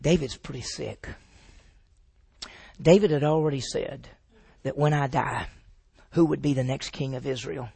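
Bible class guy telling the story, gravelly husky voice, keeps asking the class stuff. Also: mid-range voice, a little slow, long pauses. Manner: animated retelling, quizzes the class. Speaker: Bible teacher.

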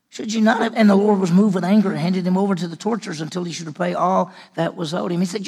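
A man preaching a sermon, swinging between loud emphatic lines and hushed, almost whispered ones. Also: sits high, steady tone, quick pace, gravelly, few pauses, slightly rough. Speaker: pastor.

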